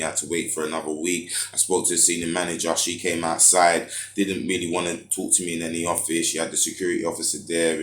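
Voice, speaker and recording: A man's voice: deep voice, echoey room, a little hiss or hum. A young man telling a frustrated story in a casual monologue, full of street slang and fillers. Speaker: vlogger.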